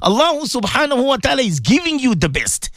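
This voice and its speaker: A man preaching a sermon to radio listeners, rhetorical and animated, acting out the voices he quotes. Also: very high-pitched, brisk, no room sound, clean studio sound.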